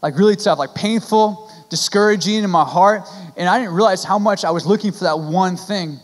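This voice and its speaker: A young male pastor with a notably high voice preaching a sermon in a church, his words trailing into a long hall reverb. He talks earnestly and pleadingly, restarting phrases and leaning on casual fillers. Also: normal speed. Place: church sanctuary.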